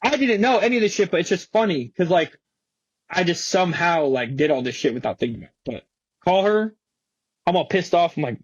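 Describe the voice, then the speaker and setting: Young male skater guest, husky, slangy storyteller, dull dry studio audio. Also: a little high, fairly quick, dry recording. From Florida. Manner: slangy, animated, swearing, many fillers. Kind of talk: casual storytelling.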